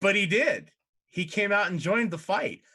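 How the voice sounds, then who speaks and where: A man doing a shrill gloating imp. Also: normal speed, bright, forceful tone, slightly rough, heavily acted. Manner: taunting, gleeful. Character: cocky shrill little imp, male.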